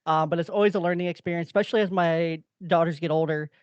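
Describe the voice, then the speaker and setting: A man's voice: on the high side, steady tone, quick pace, noisy background. A man in his twenties, a guest on a casual podcast, talking earnestly and reflectively with frequent restarts. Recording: slightly dull lo-fi sound.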